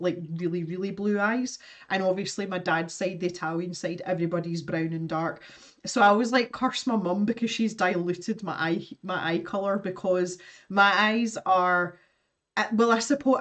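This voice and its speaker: A woman's voice: fairly low pitch, a bit bright, recorded from a distance. Chatty woman, a little off-mic. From Scotland. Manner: chatty, self-deprecating, laughs often, reads viewer comments aloud. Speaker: artist livestreaming her drawing. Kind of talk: casual livestream chat while drawing.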